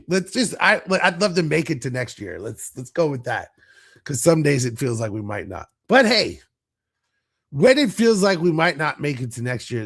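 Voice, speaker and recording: Gravelly-voiced American man ranting. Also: mid-range voice, a bit bright. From United States. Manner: blunt, profane rants. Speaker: podcast host. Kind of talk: casual sports chat.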